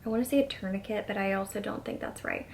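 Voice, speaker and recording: A woman's voice: medium pitch, fast talker, gravelly, slight background noise. A young woman vlogger casually telling a personal story to camera, chatty and filling her talk with "like", sometimes dropping to a whisper when quoting herself. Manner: chatty, says "like" often, quotes herself in soft whispers.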